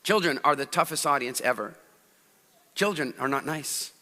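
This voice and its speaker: A man giving a stage talk on public speaking to a live audience, telling animated stories and asking the audience questions. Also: on the high side, moderate pace, in a large hall, a little hiss or hum.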